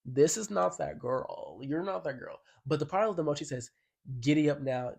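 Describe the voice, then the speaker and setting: A man's voice: fairly high pitch, expressive, moderate pace, vocal fry, slightly rough. A man in a casual album review vlog, talking in a sassy, slangy and emphatic way and now and then reading song lyrics aloud. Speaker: music commentator.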